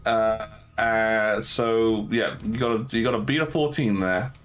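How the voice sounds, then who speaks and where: A man's voice: lowish voice, fairly even intonation, unhurried, fairly bright tone, clean tone. A man running a tabletop game as game master, narrating the scene and wryly teasing the players about their dice. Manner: wry, teasing about bad dice rolls.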